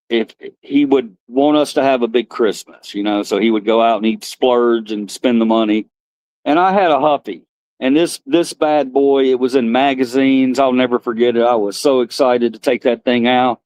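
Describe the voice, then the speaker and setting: A man's voice: mid-range voice, a little mellow, no echo, dull audio. A middle-aged man, chatting casually on a live stream and rambling through old stories while laughing at himself. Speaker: livestream host.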